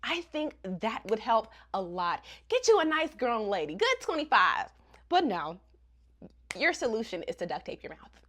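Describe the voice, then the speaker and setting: A woman recapping a manga in a casual, slangy way, cracking jokes and laughing often. Her voice sits somewhat high for a woman. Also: big pitch swings, normal speed, fairly bright tone. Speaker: manga reviewer.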